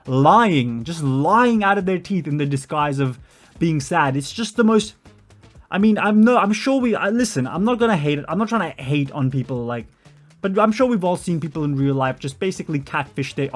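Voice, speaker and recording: A man rants through a video commentary with exasperated, sarcastic energy. His voice sits a little high, and soft music plays faintly underneath. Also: expressive, brisk. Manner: exasperated, sarcastic, mocking impressions.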